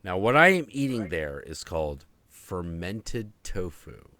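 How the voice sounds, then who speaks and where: A man hosting a live stream tells stories with a bright, forward tone. His pitch swings widely and he takes his time, with plenty of swearing and jokes. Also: a little slow, no room sound. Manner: profane, animated, jokey. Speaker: host. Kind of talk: casual storytelling on a live stream.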